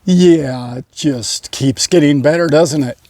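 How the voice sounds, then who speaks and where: A man, a channel host, telling a story in a casual monologue that rambles, with many pauses and self-corrections. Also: on the high side, mellow, dry recording. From United States. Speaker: channel host, boat captain.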